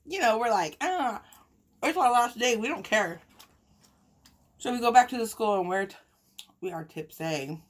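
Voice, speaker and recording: A young woman vlogger telling a personal story in casual chat while eating, emotional and chatty, sighing and laughing often. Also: fairly low pitch. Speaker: mukbang vlogger.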